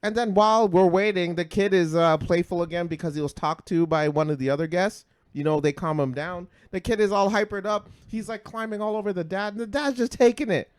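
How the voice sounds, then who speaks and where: Man, podcast co-host, casual storytelling, higher voice, swings from hushed mutters to loud rants. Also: fairly quick, few pauses, smooth, no room sound. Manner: animated storyteller, swings from low mutters to loud outbursts, heavy swearing.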